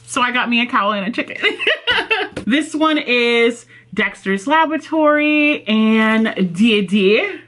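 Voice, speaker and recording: A woman book vlogger chatting casually and excitedly at home. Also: on the high side, a little slow. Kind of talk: casual vlog chat. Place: home office, indoors.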